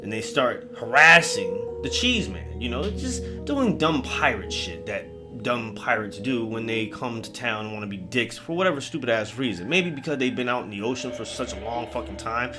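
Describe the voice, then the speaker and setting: A man's voice: mid-range voice, expressive, moderate pace, few pauses, music in the background. A man telling a spooky story in a casual, comedic way, full of swearing and rambling asides.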